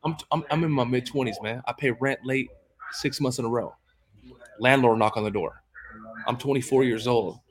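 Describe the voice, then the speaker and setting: A man as a podcast guest, telling loud, animated stories in casual chat. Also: medium pitch, normal speed.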